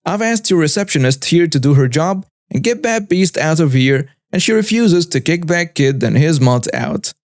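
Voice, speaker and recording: Casting: man putting on a screechy, hostile entitled woman customer, high-pitched, in a dead-dry room. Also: animated, normal speed, hardly any pauses, no echo. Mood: hostile shrieking. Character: shrill rude entitled middle-aged woman customer.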